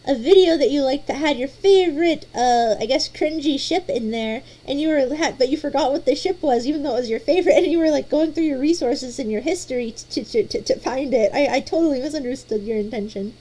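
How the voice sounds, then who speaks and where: A woman hosting a casual chat, playful and animated, often stumbling over repeated restarts. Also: high voice, fairly quick, few pauses. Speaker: host.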